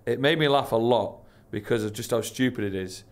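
A man's voice: medium pitch, brisk. A young man hosting a casual podcast, joking and swearing freely. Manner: animated, swears freely, laughs often. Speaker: podcast host. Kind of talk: casual chat.

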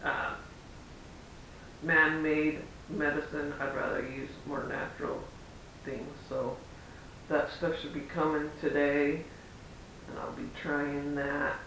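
Recorded from afar in a very echoey room with a faint rumble, a parent vlogger tells a casual, meandering story, acting out quoted exchanges. His voice is high for a man, level, bright and forceful, and he speaks slowly with frequent pauses.

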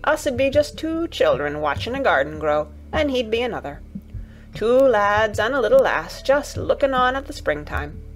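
A woman voicing a gentle, earnest farm boy in an audiobook reading, speaking in broad dialect over faint music. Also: fairly high pitch, sing-song, normal speed. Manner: broad dialect, warm and coaxing.

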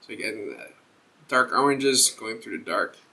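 A man's voice: lowish voice, big pitch swings, moderate pace, gravelly, sharp tone. A man hosting a casual beer review vlog, thinking aloud and rambling as he reads the label.

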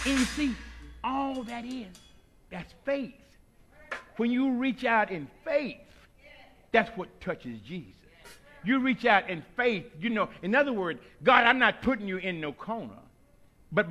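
A man preaching a sermon in a church, whooping and calling out, then dropping to hushed lines. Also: high voice. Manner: whooping call-and-response preaching, swinging between shouts and hushed lines.

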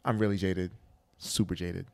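A man in his thirties hosting a podcast, talking bluntly and profanely in casual banter, getting loud when he argues. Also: low-pitched, level tone, moderate pace, gravelly. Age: 30s. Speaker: podcast host.

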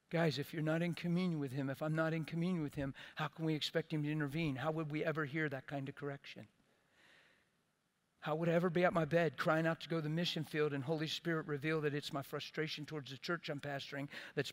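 Earnest, impassioned male preacher. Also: fairly high pitch. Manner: earnest, impassioned preaching with sudden loud bursts and dropping to soft asides. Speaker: pastor. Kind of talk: sermon.

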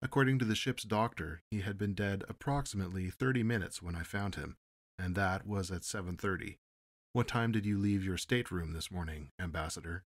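A man's voice: low voice, fairly quick. A man voicing a polite but commanding official with a clipped, formal manner.

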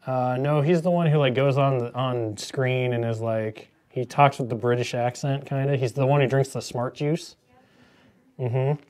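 Mellow-voiced man joking while painting. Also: mid-range voice, a little slow. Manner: joking, rambling into movie tangents. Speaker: miniature painter hosting a painting stream. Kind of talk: casual painting demo chat.

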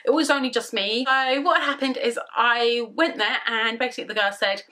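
A young woman vlogging casually from her bedroom, rambling through an excited story. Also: fairly high pitch, normal speed. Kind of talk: casual chatty vlog.

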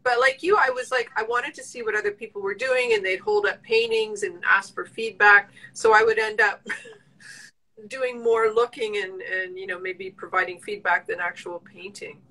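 A woman co-hosting a live art chat over a video call, laughing easily and talking in a lively way. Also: medium pitch, normal speed, rough recording. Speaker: co-host. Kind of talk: casual chat.

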